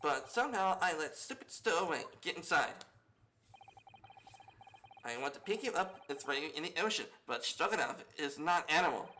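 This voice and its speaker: A man's voice: fairly high pitch, expressive, moderate pace, sharp tone, slight background noise, poor audio. A man voicing an arrogant male sailor who speaks in blunt, broken English while playing a game. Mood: gruff.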